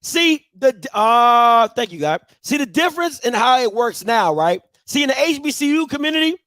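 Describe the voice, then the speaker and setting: A man's voice: extremely high pitch, very animated, moderate pace, a bit bright, dry recording, studio quality. A man hosting a live talk show, giving emphatic commentary that repeats points and uses casual slang. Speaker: host.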